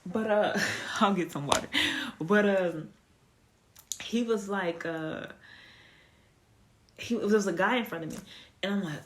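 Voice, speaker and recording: A woman giving a casual spoken testimony, telling her story in a chatty, animated way with lots of fillers. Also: medium pitch, moderate pace, pauses often. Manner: animated storytelling, acts out quoted dialogue; chatty with frequent fillers and restarts. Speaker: testimony speaker.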